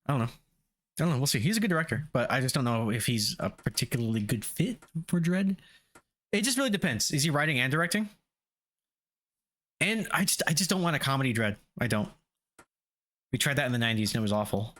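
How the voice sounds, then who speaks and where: Streaming a game, a man jokes and rambles profanely with his audience in loose live-stream chat. He has a mid-range, expressive, fairly bright voice and talks a little fast.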